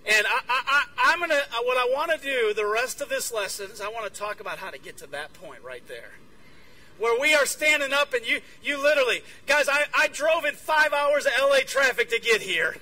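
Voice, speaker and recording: A man giving a lively sermon as a guest speaker to a conference crowd, acting out bits of dialogue. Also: very high-pitched, fairly quick, far from the mic, rough recording. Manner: energetic, acts out dialogue. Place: conference room with audience.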